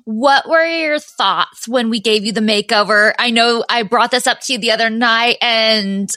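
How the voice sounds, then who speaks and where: A woman's voice: fairly high pitch, moderate pace, sharp tone, no room sound, studio quality. A woman hosting a podcast in casual chat, asking her guest questions. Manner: chatty, asks guest questions. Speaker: podcast host.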